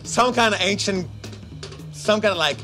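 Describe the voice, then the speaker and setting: A man's voice: sits high, moderate pace, pushed and bright, soft background music. A man presenting a live casino game, chatting playfully with viewers and joking between rounds. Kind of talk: lively chat with viewers while running a game.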